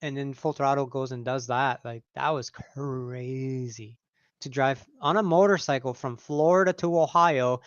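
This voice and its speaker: A man's voice: medium pitch, steady tone, measured pace, clear, resonant tone, no room sound. Rambling man on a dry lo-fi mic. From California. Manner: rambling, laughs often. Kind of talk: casual chat.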